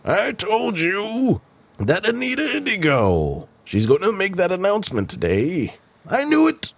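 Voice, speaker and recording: A man voicing an excitable old male knight in a squeaky, shrill voice for a tabletop game. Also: measured pace, gravelly, no room sound, exaggerated voice. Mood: gloating.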